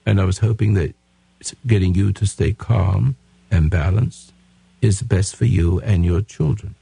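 A gravelly old man in his eighties, his voice husky and dark, giving blunt, lecturing advice to a caller on a radio show. He keeps breaking off and restarting his sentences as he pushes his point. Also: sits low, unhurried, no room sound. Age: 80s.

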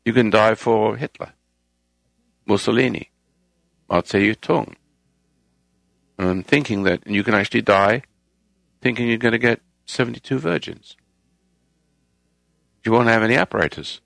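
A man's voice: fairly low pitch, normal speed, vocal fry, pauses often, fairly bright tone, no room sound. A man hosting a talk program, delivering a rambling, moralizing monologue and raising his voice to stress points. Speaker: radio show host.

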